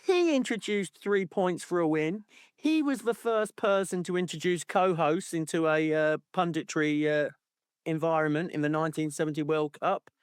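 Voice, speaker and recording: A man's voice: on the high side, moderate pace, smooth, dry recording, studio quality. A man co-hosting a podcast in casual chat, playful and sardonic, with chuckling asides. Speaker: podcast co-host.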